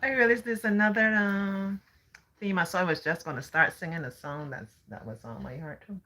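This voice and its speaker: A middle-aged Barbadian woman chats on her livestream, answering viewers' comments as she goes. Her voice sits low but has a bright, forceful edge. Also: normal speed. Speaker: livestream host. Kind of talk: casual livestream chat.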